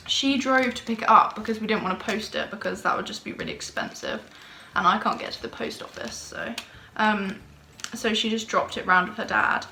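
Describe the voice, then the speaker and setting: A gravelly, pushed, bright voice in the mid range, delivered at a moderate pace, belongs to a young woman vlogging in her bedroom. She chats to camera in a bubbly, gushing way, captured in a roomy home recording with faint noise.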